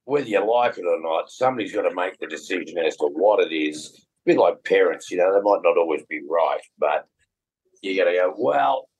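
A man's voice: deep voice, a little fast, slightly rough, low-quality recording. A middle-aged Australian man co-hosting a casual chat, joking and mock-serious. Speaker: co-host.

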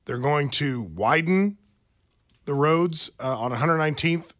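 A man's voice: fairly high pitch, expressive, unhurried, fairly bright tone. A man co-hosting a radio talk show, telling stories animatedly with plenty of fillers and restarts. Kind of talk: casual talk radio banter.

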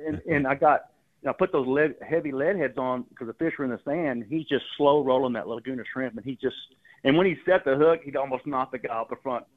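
Calling a radio show over the phone, a man who works as a fishing guide on the Texas Gulf Coast spins rambling stories, often repeating himself. He talks fast in a mid-range voice, and the line sounds narrow.

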